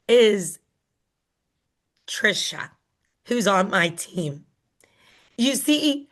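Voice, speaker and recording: A woman's voice: high-pitched, a bit bright. A middle-aged woman team leader giving an emphatic, emotional motivational talk to her group. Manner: emphatic, emotional, slow and deliberate.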